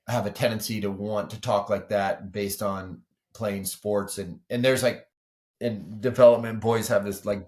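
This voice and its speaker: Low-voiced man, earnest coach talking. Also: darkish tone. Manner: earnest, explains with lots of 'like' and 'you know'. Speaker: weightlifting coach and guest. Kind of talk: casual podcast conversation.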